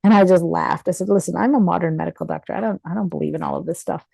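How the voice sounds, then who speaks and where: Middle-aged woman physician guest, low warm tone, animated anecdotes with acted-out quotes. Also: racing, gravelly, husky, dry recording, low-quality recording. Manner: animated, acts out quoted voices with laughter. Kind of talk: casual storytelling interview.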